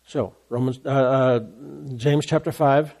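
A man preaching a sermon as a pastor, animated, acting out complaining voices along the way. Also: medium pitch, a little slow.

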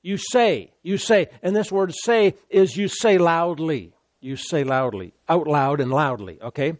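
A man preaching a sermon with call-and-response, animated and repeating words for emphasis. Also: on the high side, a little slow.

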